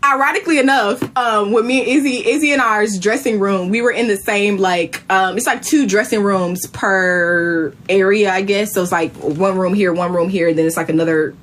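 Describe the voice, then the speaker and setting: A young woman chatting casually on a live stream, telling a lively story and acting out what people said. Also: normal speed, hardly any pauses, a little hiss or hum. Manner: animated storytelling, acts out quotes in high voice. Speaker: reality show contestant.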